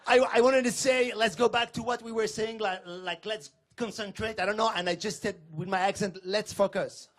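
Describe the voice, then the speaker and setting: A man with a French accent telling wry, self-deprecating stand-up stories in a high-pitched voice. The club sound is loud with noise. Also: steady tone, brisk. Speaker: stand-up comedian. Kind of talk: stand-up comedy. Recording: noisy club recording.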